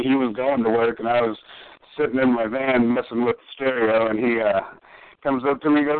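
A man's voice: medium pitch, clear, resonant tone, no echo. A man hosting a casual podcast, teasing his guest and telling easygoing stories. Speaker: podcast host. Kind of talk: casual chat. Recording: tinny phone-like line.

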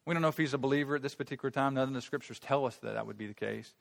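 A man preaching a sermon, shifting from quiet explaining to loud, emphatic outbursts, with frequent restarts and repeated words. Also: medium pitch, racing, vocal fry, in a large hall. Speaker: pastor.

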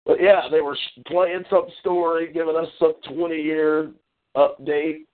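A man's voice: fairly high pitch, level tone, measured pace. A man hosting a call-in show, delivering a brash, boastful and profane monologue. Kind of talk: solo call-in radio monologue. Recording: phone-like lo-fi call-in audio.

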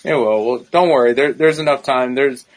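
Male co-host on a video call, mid-pitched, reassuring, laughs a lot. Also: moderate pace. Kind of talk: casual chat.

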